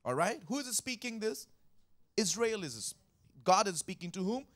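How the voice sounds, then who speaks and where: A high-pitched man preaching a Sunday morning sermon. He is emphatic, repeats his key lines for weight and keeps asking the congregation to answer back. He walks through scripture one verse at a time. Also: very animated, moderate pace, fairly bright tone. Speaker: pastor.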